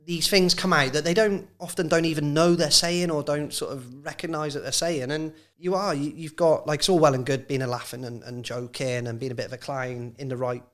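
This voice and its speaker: A man's voice: fairly high pitch, steady tone, fairly quick, hardly any pauses. An English man, a former football physio, chatting casually on a podcast and telling stories about players with a laugh. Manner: chatty, storytelling, laughs at own anecdotes.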